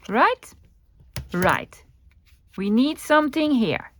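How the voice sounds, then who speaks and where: A woman's voice: mid-range voice, expressive, measured pace, a little hiss or hum. A woman with a Dutch accent chatting casually while crafting at her desk, thinking aloud and answering her own questions. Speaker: crafting vlogger.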